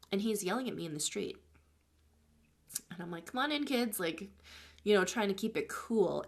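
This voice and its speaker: Chatty woman hosting a live stream. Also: mid-range voice. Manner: chatty, thanks viewers between points, tells stories. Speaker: life coach and live-stream host. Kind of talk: casual live-stream talk.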